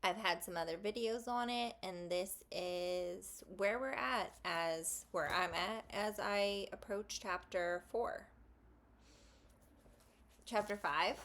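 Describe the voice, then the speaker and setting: A woman hosts her tarot channel in a relaxed, unhurried chat. She rambles and interrupts herself with small asides. Her pitch sits in an ordinary middle range. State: just ate lunch, burpy. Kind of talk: casual vlog chat.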